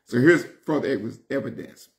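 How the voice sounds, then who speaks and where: Gravelly emphatic man teaching scripture. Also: mid-range voice, animated, moderate pace. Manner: emphatic, repeats phrases for stress. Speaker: bishop teaching Bible study. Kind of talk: Bible study teaching.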